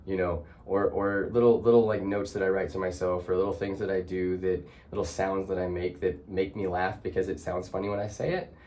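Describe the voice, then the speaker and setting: A man's voice: deep voice, steady tone, brisk, few pauses, darkish tone. A man hosting a heartfelt conversation, talking in a reflective, searching way with many restarts. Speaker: host.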